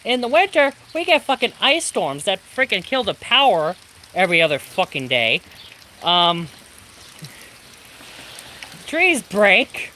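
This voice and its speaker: Ranting and swearing heavily during a live stream, this Pacific Northwest storm streamer sits at home while a thunderstorm pours rain outside. The voice is medium in pitch with a sharp tone. Rain plays in the background over a little hiss or hum.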